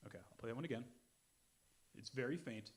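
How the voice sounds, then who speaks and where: Fast-talking male podcast host. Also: medium pitch, lively intonation. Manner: quick, chatty, explaining as he plays clips. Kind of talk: casual podcast chat. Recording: loud background noise.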